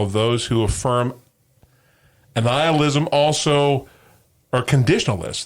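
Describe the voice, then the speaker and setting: A man hosting a casual podcast, an animated storyteller who acts out voices in his jokes. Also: medium pitch. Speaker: podcast host. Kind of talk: casual chat.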